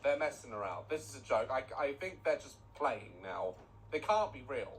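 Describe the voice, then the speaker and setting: A man's voice: mid-range voice, big pitch swings, normal speed, soft background music, poor audio. Sarcastic man ranting. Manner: mocking, ranting, exasperated. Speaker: gaming streamer. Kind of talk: sarcastic reaction commentary.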